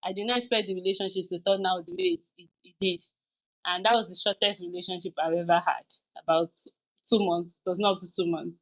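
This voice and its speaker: A woman's voice: on the low side, steady tone, fast, lo-fi sound. A woman hosting a podcast, giving frank, confessional advice in a casual, rambling way with many restarts. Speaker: podcast host.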